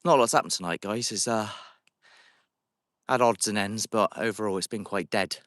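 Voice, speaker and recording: A man's voice: on the low side, moderate pace, a bit bright, no room sound, clean studio sound. A man hosting a paranormal livestream outdoors in a cemetery, chatting casually with viewers and calling out to spirits on a handheld phone. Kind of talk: casual live-stream chat.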